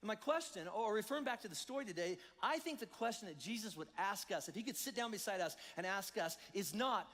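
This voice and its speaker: High-voiced male pastor in a reverberant hall. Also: fast talker, few pauses. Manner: animated, conversational, acts out voices of listeners. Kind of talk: sermon. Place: church hall. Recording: long church hall reverb.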